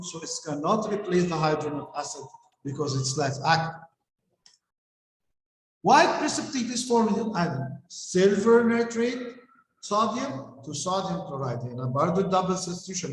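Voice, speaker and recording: A man's voice: fairly high pitch, a little hiss or hum. Male teacher in an echoey room. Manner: step-by-step explaining, asks checking questions. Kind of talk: exam revision lesson. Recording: echoey room with long reverb.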